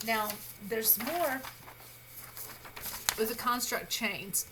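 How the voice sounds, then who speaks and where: A woman's voice: a little high, expressive, drawn-out words, noisy background. A woman instructor giving a recorded grammar lecture, patient and reassuring, with frequent fillers and small self-corrections.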